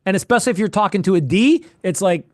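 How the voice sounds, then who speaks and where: A man coaching a role-play sales call, animated and profane, repeating short phrases in quick bursts. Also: high-pitched. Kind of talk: coaching feedback in casual chat.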